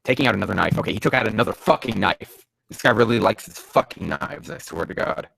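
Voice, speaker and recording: A man reads fanfiction aloud for laughs, mocking it as he goes and swearing freely. His voice is gravelly with a lot of fry and swings widely in pitch. The sound is dry and close, with no room around it. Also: lively intonation, fast, dry recording, poor audio. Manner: sarcastic, swears a lot, bursts into shouting disbelief. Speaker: host reading fanfiction. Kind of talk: comedic fanfiction reading with rants.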